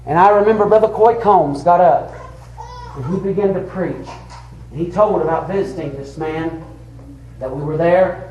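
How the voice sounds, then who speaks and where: A man whose voice sits high yet has a dark tone preaches a fervent sermon in a church sanctuary, calling on listeners by name and rising into a chanted, sing-song delivery. The audio is dull, echoey, with a little hiss or hum.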